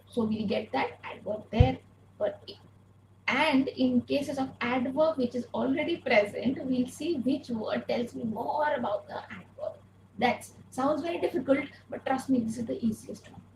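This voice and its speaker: A woman's voice: sits high, darkish tone, echoey room, slight background noise, rough recording. A woman teaching an online grammar lesson, patiently repeating key points and asking rhetorical questions, speaking through an earphone mic. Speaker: English teacher.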